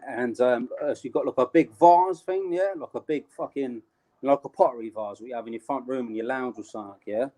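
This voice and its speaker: A man's voice: mid-range voice, dark tone. A young British man telling a street story in casual, slangy talk, laughing along the way. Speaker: interview guest.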